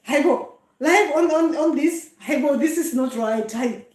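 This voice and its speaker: A middle-aged woman with a South African accent and a high voice chats casually on a live stream from home. She laughs often and breaks into "ay, ay" exclamations, and the sound is roomy with echo. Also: a little slow, darkish tone. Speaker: traditional healer hosting a live stream. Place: home room.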